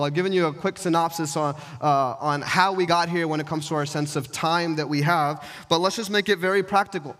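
A man's voice: fairly high pitch, fairly bright tone. A pastor delivering a conversational sermon to his church, posing rhetorical questions as he teaches.

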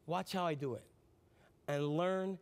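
A man preaches a sermon in a somewhat high voice. His delivery is animated, with loud bursts that drop to near-whispers. He asks the congregation questions and answers them himself. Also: measured pace. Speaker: pastor.

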